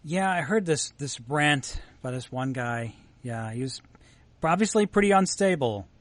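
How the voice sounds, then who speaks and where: A man's voice: on the high side, animated, measured pace, fairly bright tone, no room sound. A man co-hosting a podcast, reading out news items with wry asides and chatting casually. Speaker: podcast co-host.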